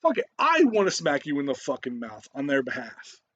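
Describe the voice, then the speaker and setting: A man's voice: medium pitch, wildly swooping pitch, a little fast, fairly bright tone, lo-fi sound. A man giving a profane, ranting reaction commentary, swearing heavily and cutting in with laughs.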